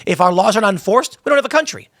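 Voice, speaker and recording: Male pundit, high and bright, dry close sound, pushy delivery that trips over itself. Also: animated, very fast, no room sound. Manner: emphatic, stumbles and repeats words, acts out quotes. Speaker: political commentator. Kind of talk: opinionated political commentary.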